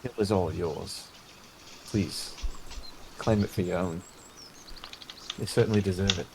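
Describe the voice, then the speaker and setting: A man's voice: sits low, unhurried, a little mellow, a little hiss or hum. A man voicing a proud, grateful woman warrior in a tabletop game. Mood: gracious.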